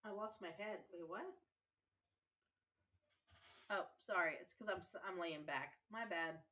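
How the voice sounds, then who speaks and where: A woman hosting a casual gaming livestream, chatting warmly with her viewers and sounding tired and yawning. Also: on the low side, measured pace.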